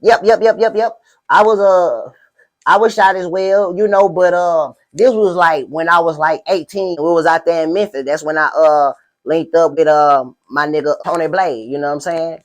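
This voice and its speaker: A man's voice: on the high side, moderate pace, lightly acted. A man playing a boastful streetwise pimp in a spoof interview, rambling in slang and constantly asking "you know what I'm saying". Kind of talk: comedic parody interview.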